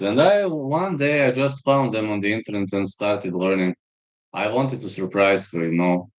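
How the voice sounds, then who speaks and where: A man's voice: lowish voice, rough recording. A man with a Serbian accent, hosting a live fight stream and chatting in a rambling, storytelling way while reading chat aloud.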